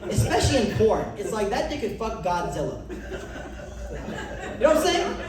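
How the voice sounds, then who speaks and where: A man's voice: big pitch swings, moderate pace. A brash young male comedian working the crowd, his voice leaping up and down as he performs bits. He is caught from a distance on a comedy club stage. The room rings with heavy echo. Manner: brash, loud, swings pitch for bits. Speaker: stand-up comedian. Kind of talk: stand-up crowd work. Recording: echoey club from far off.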